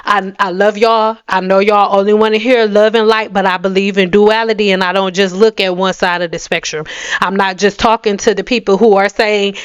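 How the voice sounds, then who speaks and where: A woman's voice: mid-range voice, steady tone, normal speed, clear, resonant tone, no room sound. A young woman hair care vlogger talking straight to camera, blunt and sassy, with emphatic delivery and playful mocking asides. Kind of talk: direct-to-camera rant.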